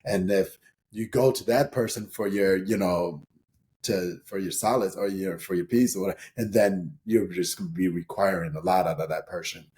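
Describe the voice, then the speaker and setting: Middle-aged man from St. Paul, low voice, loose and rambling storyteller, guest on a chat podcast. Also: normal speed, darkish tone. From St. Paul, Minnesota, USA. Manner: rambling, full of "you know" and restarts, laughs as he tells stories. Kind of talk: casual interview storytelling.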